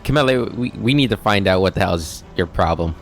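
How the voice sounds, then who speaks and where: Low-voiced male let's play host, musing through a game over soft music. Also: lively intonation, a little fast, creaky. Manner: thinks aloud, reads game text. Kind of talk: gameplay commentary.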